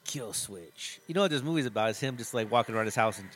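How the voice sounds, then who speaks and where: A man giving casual, profane commentary while watching a movie, mocking it with quick joking reactions. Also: mid-range voice, animated, a bit bright, a little hiss or hum. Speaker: co-host riffing on a movie.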